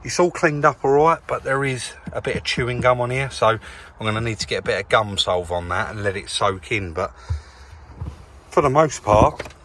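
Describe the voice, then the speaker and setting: A man from England in a car workshop, talking casually to camera as he cleans a car, relaxed and chatty, calling viewers "guys". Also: medium pitch, moderate pace, slight background noise. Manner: chatty, relaxed, says "crack on" and "guys" often. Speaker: car rebuild vlogger.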